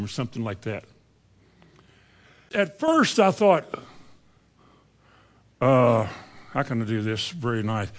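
A man's voice: mid-range voice, expressive, normal speed, long pauses. A man in his seventies preaching a conversational sermon, full of rhetorical questions and wide swings in delivery. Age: 70s.

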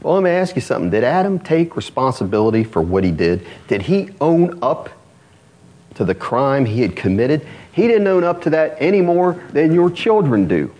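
A man, the pastor, preaching a sermon in an animated, conversational way, often asking the congregation rhetorical questions. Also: fairly high pitch, normal speed.

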